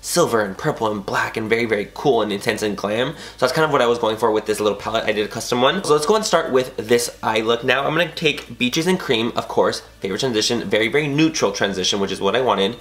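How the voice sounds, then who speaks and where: Fast-talking, swearing young man doing makeup. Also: mid-range voice, roomy sound. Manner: animated, swears casually, rambles into tangents. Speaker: beauty vlogger. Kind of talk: chatty makeup tutorial.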